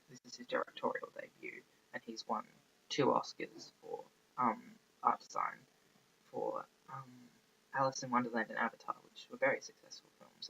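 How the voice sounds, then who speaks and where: Rambling gravelly-voiced young man reviewing a film. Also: mid-range voice, sharp tone, muffled recording. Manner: rambling, loses his train of thought, many ums. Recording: faint background noise, poor audio.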